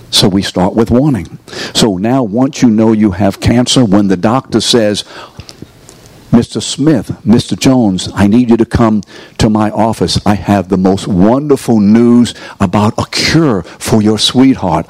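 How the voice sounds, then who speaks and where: There's no echo on this recording of a man whose lowish voice is a little mellow. A preacher teaching a course, he gives a sermon to a live room audience, pressing rhetorical questions and prompting them to respond.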